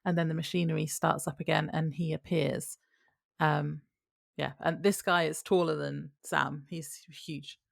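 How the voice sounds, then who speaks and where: A woman co-hosting a podcast, casually retelling a TV episode in a relaxed, chatty way. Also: sits low, unhurried, gravelly, dry recording, clean studio sound. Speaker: podcast co-host. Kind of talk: casual chat recapping a TV episode.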